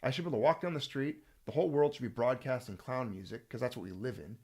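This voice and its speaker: A man hosting a casual video chat, talking straight to viewers in a jokey, animated way. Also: mid-range voice, fast. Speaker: host.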